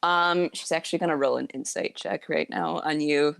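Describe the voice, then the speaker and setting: A woman narrating a tabletop game as game master in a relaxed, hedging way. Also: deep voice, moderate pace, creaky, dry recording.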